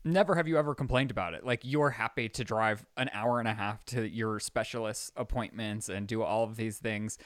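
A man's voice: on the low side, fairly quick, hardly any pauses, dry recording, clean studio sound. A young man co-hosting a casual podcast chat, teasing and telling stories with lots of energy. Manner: chatty, teasing, animated storytelling. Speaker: podcast co-host.

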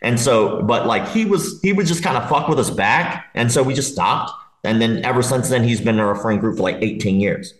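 A man's voice: mid-range voice, brisk. A man casually telling a long, profane party story, laughing as he goes. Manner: animated, swearing, laughing while telling a story. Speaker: podcast guest. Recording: roomy echo.

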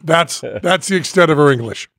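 A man hosting a podcast, telling a story in an animated, casual way and laughing as he goes. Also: a little high, a little fast, no echo. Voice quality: gravelly and husky. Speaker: podcast host.

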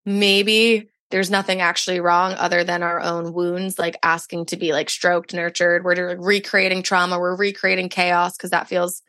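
A woman's voice: on the low side, flat delivery, moderate pace, hardly any pauses, bright, forceful tone, no echo, clean studio sound. A young adult woman, a podcast guest, telling a personal story in casual chat and saying "like" often. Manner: chatty storytelling, heavy use of "like".

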